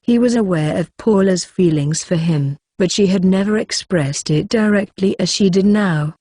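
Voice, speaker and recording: Woman narrator, steady storyteller, dark warm tone, dry close sound. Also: mid-range voice, moderate pace, few pauses, dry recording. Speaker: audiobook narrator. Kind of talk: scripted narration.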